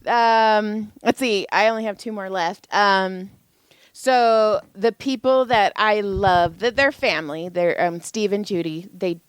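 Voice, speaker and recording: A middle-aged woman co-hosting a podcast, chatting casually and telling animated stories, slipping into voices. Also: medium pitch, a little slow, clear, resonant tone, dry recording. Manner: animated storyteller, mimics voices. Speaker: podcast co-host. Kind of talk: casual chat.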